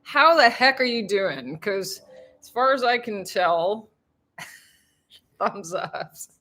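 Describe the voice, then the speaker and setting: Slow-paced and lively in intonation, this woman's sharp, mid-range voice carries a casual livestream from her tropical-town home. A tour guide by trade, she rambles, chats, and laughs often as viewers arrive and she greets them.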